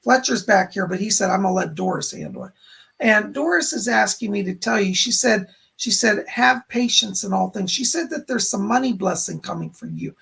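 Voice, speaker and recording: With big swings in his high-pitched voice, a man speaks at normal speed in a fairly bright tone that's growing hoarse. He hosts a live stream as a psychic medium, reading for donating viewers and rambling through messages from spirits.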